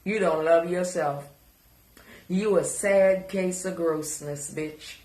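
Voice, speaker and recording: A woman's voice: fairly low pitch, takes it slowly, a little mellow, roomy sound. A woman giving crude, taunting reaction commentary and repeating words to mock someone. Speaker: commentary vlogger.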